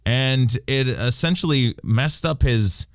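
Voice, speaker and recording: Male podcast host, mid-pitch, wisecracking, dry close mic. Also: slow pace, no echo. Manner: joking, irreverent, plugs the show. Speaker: interview host. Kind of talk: casual interview chat.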